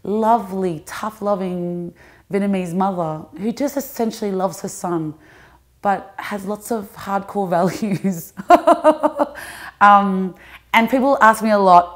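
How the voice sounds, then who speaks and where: An actress and comedian talking casually and animatedly in an interview, with quick restarts. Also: female voice, medium pitch. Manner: animated, restarts, laughs often.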